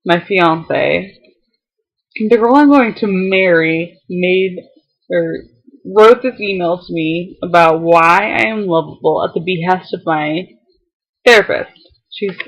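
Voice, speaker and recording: A woman's voice: fairly low pitch, expressive, a little slow, slightly rough, muffled recording. A young woman on a casual vlog, reading a heartfelt letter aloud to her viewers, tearful and fighting back tears, laughing now and then between lines.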